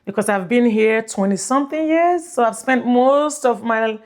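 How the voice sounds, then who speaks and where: A woman's voice: on the high side, normal speed. A woman in her thirties with a Nigerian accent, chatting casually to viewers on her vlog through a plug-in mic, rambling and repeating herself. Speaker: vlogger. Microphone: plug-in mic on phone.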